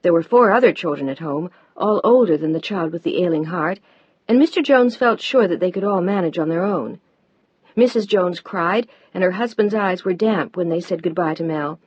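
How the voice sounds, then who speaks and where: Woman reading an audiobook, lowish husky voice, steady, muffled dry sound. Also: moderate pace, no echo. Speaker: audiobook narrator. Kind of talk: scripted audiobook narration. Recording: dull dry audiobook recording.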